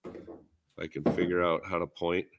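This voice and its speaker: A man's voice: deep voice, flat delivery, moderate pace, creaky, noisy background. A man with a Minnesotan accent, rambling easily in a casual podcast chat with lots of fillers. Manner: rambling, easygoing, many fillers. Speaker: podcast co-host, dent repair tech.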